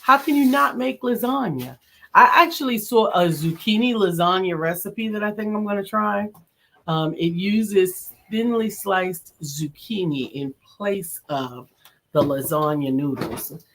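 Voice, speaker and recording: A woman chats and laughs as co-host of an informal live show, reading out viewers' comments as she goes. Her voice sits at a middle pitch and she talks in a loose, friendly way. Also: a little slow, a bit bright. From the Bronx, New York. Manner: chatty, laughing, reads viewer comments aloud. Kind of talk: casual live-stream chat.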